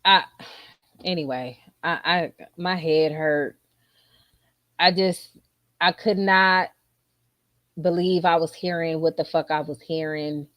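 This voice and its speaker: Blunt, slow-talking woman commentator. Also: sits low, fairly even intonation, fairly bright tone, dry recording. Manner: blunt, incredulous, profane. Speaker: commentary channel host. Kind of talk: casual reaction commentary.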